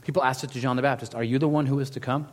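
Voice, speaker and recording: A man preaching a sermon in a casual, animated storytelling manner, acting out quotes as he goes. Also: mid-range voice, very fast, big-room sound. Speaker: pastor.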